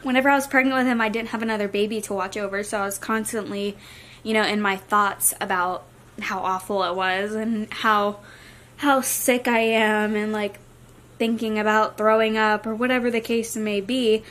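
Her medium-pitched, slightly bright voice keeps a fairly even intonation at a moderate pace. Talking to her vlog audience from home, baby nearby, she's chatty but queasy and drained, dropping "like" again and again.

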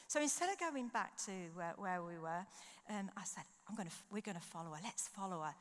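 A woman speaker at a conference, preaching through an animated personal story and acting out her own thoughts. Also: medium pitch, fairly quick, a little hiss or hum. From United Kingdom. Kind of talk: sermon with storytelling. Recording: long hall reverb.

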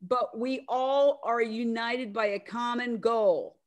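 Middle-aged woman, a touch high-pitched, emphatic and loud, rallying on a video call. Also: slow. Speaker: media network founder speaking at an online event. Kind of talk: casual speech on a video call.

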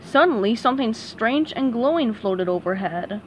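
A woman reading a children's storybook aloud with animated, expressive narration. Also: a little high, normal speed, a little hiss or hum. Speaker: storybook reader.

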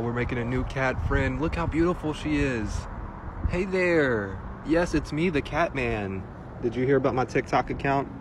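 A man with an American accent walking outdoors through neighborhood streets, talking to cats in a sing-song baby-talk voice and filming on a phone. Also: medium pitch. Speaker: vlogger. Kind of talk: casual vlog talking to cats. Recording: clear street noise behind.

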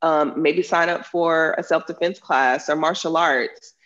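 A woman's voice: low-pitched, fairly even intonation, unhurried, a bit bright, dull audio. A woman who teaches self-defense and wrote a book on it, answering interview questions in an earnest, explanatory way with plenty of fillers. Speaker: self-defense instructor and author.

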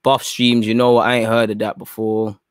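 A man hosting a live stream in casual chat. He is slangy and rambling, and he shifts between low mutters and excited outbursts. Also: a little fast, clean tone, no echo, clean studio sound.

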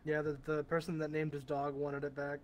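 A man's voice: on the high side, completely flat delivery, fairly quick, crowd noise. A young man joking playfully with a friend in a gaming voice chat. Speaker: gamer.

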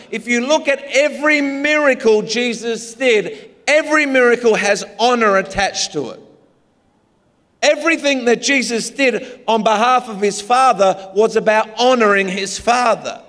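Preaching in a big church, this Australian pastor fills his sermon with humor and stories, his voice sitting high and a bit bright. The sound carries long hall reverb.

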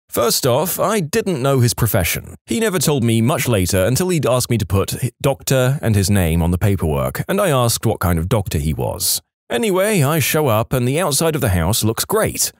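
A man narrating reddit stories in an animated, scripted storytelling manner. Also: medium pitch, no room sound, studio quality.

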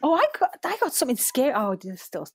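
A woman's voice: high-pitched, very animated, fast talker, husky, no echo. A woman in her thirties with a Scouse accent, chatting as a guest in a giggly, rambling way. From Liverpool. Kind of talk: casual interview chat.

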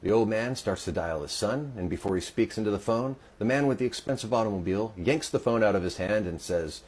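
A man's voice: lowish voice, lively intonation, a little fast, hardly any pauses, a little mellow, breathy edge. A man telling a joke as a story, acting out the quoted lines.

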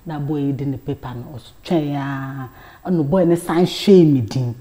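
Low, mellow woman telling a story. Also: a little slow. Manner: animated storyteller, drops to a hush for quoted lines. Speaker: talk show guest. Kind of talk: storytelling in a talk show interview.

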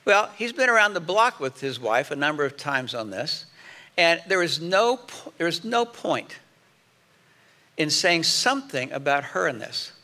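A man's voice: on the high side, very animated, measured pace, bright, forceful tone. A middle-aged man preaching a conversational sermon as pastor, acting out sample apologies in quotes.

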